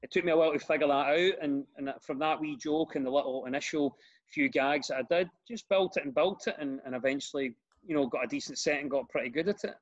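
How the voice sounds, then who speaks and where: A man with a Glaswegian accent, a comedian and radio presenter, telling stories in a casual podcast chat with lively restarts. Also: a little high, fast, highs cut off. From Glasgow, Scotland. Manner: animated storyteller with frequent restarts.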